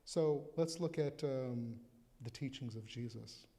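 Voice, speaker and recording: A male pastor gives a conversational, reflective sermon at a live church service. His voice is mellow and relaxed. A long reverb trails each phrase through the sanctuary. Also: medium pitch, measured pace. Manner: conversational, reflective, reads scripture aloud.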